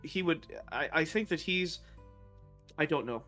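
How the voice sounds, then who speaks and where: A man voicing a remorseful old female castle cook who speaks in halting, apologetic bits. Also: a little high, animated, sharp tone, soft background music. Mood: dazed, apologetic.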